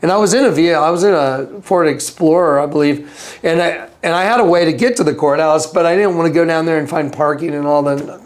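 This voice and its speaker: A man's voice: on the high side, fairly quick. A man telling a story as an interview guest, wandering between asides and acting out other people's lines in a raised voice. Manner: rambling, with frequent restarts and asides. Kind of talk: casual storytelling.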